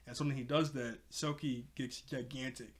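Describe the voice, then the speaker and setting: A man's voice: mid-range voice, steady tone, normal speed. A man casually recapping a cartoon episode in a rambling, self-correcting, offhand way.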